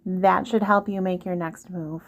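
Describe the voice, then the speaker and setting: Speaking unhurriedly in a fairly low, fairly even voice, this woman is a vlogger offering relationship advice. Her casual monologue is earnest and direct to the listener, and she goes over her points more than once.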